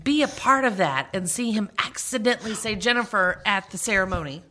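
A woman co-hosting a podcast in casual gossip chat, animated and giggly, acting out quoted voices. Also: medium pitch, fairly quick, a little hiss or hum. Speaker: podcast co-host.

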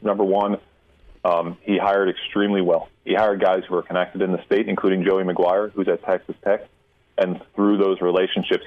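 A man, a college football insider, answering questions on a radio show in a measured, emphatic way. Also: low voice. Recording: tinny phone line.

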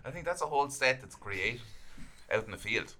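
A man in casual podcast chat, relaxed and storytelling. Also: medium pitch, brisk, crowd noise.

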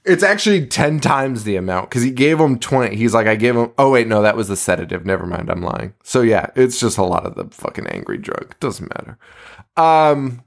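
A man's voice: medium pitch, very animated, fairly quick, creaky. A man co-hosting a podcast, recapping a horror movie in casual chat, swearing often, laughing and acting out the characters' lines. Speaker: podcast co-host.

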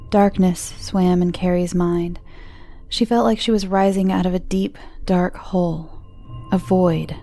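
A woman reading a horror story aloud in a slow, measured narration, with faint music behind her. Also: on the low side, vocal fry, warm tone. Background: faint background music.

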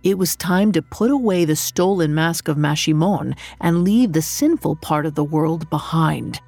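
Husky-voiced woman narrating a dark tale. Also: low voice, moderate pace, dry recording, soft background music. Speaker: podcast narrator. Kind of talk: scripted storytelling narration.

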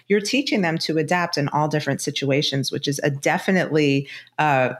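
Middle-aged woman, low register, frank and encouraging guest expert. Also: fairly quick, hardly any pauses. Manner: frank, reassuring, emphatic. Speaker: divorce specialist and author, guest. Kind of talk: conversational podcast interview.

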